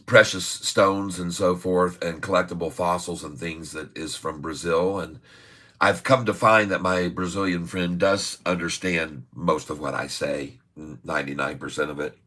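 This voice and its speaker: A man's voice: deep voice, fairly even intonation, normal speed, bright, forceful tone. A middle-aged man hosting a day-trading livestream, talking in a chatty, jokey way, often laughing and repeating himself. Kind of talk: casual livestream chat.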